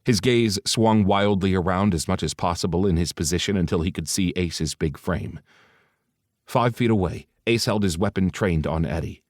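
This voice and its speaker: Deep-voiced male audiobook narrator. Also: normal speed, a little mellow, dry recording, studio quality.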